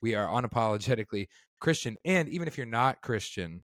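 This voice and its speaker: Talking quickly with lively intonation, a man with a medium-pitched, slightly bright voice hosts a relaxed, Bible-based Christian podcast. He rambles, pokes fun at himself and sounds vocally strained, on a dry, clean studio recording.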